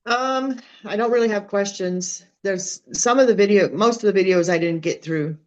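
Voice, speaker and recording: A woman co-hosting a podcast in casual chat, answering in hesitant, measured replies. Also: mid-range voice.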